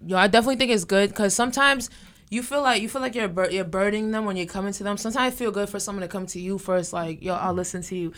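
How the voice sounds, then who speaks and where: A woman in casual group chat, telling stories with energy and acting out what people said in hushed voices. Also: mid-range voice, racing. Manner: animated storyteller, acts out quotes in hushed voices.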